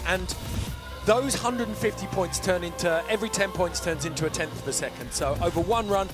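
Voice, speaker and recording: A man commentating live at a bike event, brisk and explanatory with a joking edge. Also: sits high, music in the background.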